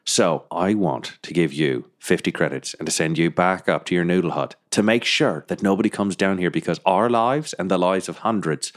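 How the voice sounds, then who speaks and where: A man's voice: low voice, normal speed, few pauses. A man taking part in a tabletop game as a player, talking in a dry, wry way. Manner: dry, wry, laughs easily. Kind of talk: tabletop role-play.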